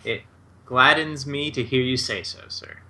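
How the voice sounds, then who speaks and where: A man's voice: medium pitch, a little slow, sharp tone, a little hiss or hum. A man doing a fawning bank manager. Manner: obsequious salesman.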